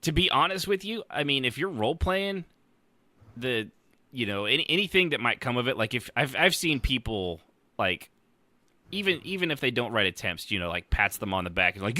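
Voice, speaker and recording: Bright-toned rambling man on a podcast. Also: mid-range voice, very animated, moderate pace, no room sound. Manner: rambling, jokey, swears casually. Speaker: podcast co-host. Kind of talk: casual chat.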